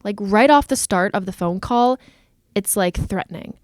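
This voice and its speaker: A young woman from Canada, co-hosting a podcast and telling a story in animated casual chat, acting out the dialogue. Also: mid-range voice, moderate pace, dry recording, clean studio sound. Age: young adult. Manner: animated, acts out dialogue, frequent "like". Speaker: podcast co-host.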